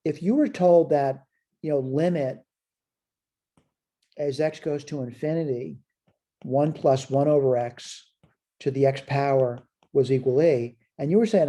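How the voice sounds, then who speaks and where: A man's voice: a little high, unhurried, dark tone. A man teaching a recorded college math lecture. He asks questions and answers them himself, and he repeats short phrases as he points things out on the board.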